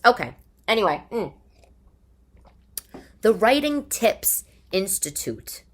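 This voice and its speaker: Podcast host, 40s, thick New York accent; wisecracking, exasperated monologue with a slightly low voice. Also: female voice, expressive, normal speed, fairly bright tone. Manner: chatty, exasperated, wisecracking, repeats herself. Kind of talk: casual monologue. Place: living room.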